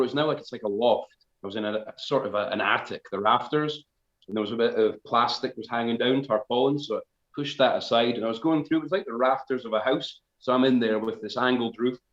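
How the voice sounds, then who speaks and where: Rambling man, roomy sound. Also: medium pitch. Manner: rambling, self-mocking, laughing at himself. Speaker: folk band member on live stream. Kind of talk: casual storytelling. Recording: roomy, slightly dull live-stream audio.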